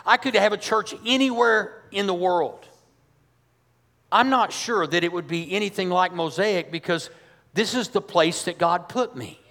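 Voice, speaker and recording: Male pastor, high voice, emphatic conversational sermon, long church-hall reverb. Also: measured pace, fairly bright tone. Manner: emphatic, conversational preaching with rhetorical questions.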